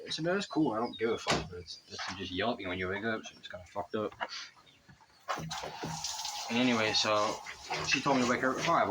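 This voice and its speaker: Young guy rambling and swearing thru a story, lowish voice, birds and noise all around outdoors. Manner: rambling, profane, chatty. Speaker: vlogger. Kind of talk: casual storytelling vlog. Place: outdoors by the water.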